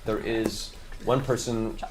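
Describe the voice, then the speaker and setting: A man narrating as game master in a tabletop game, describing scenes vividly and pausing often on "uh". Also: on the low side. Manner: animated storyteller with frequent "uh" pauses. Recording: noisy live stream recording.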